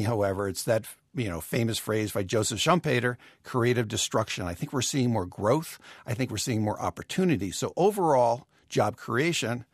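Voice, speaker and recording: A man's voice: mid-range voice, dry recording. Male correspondent, eager explainer, casual and dry-sounding. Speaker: economics correspondent. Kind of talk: conversational explaining.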